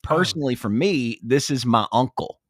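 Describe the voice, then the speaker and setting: A man's voice: medium pitch, animated, normal speed, breathy edge, dry recording, studio quality. A man in his forties, a radio DJ, chatting on a podcast in an easygoing, talkative way. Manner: easygoing, talkative, laughs readily. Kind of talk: casual chat.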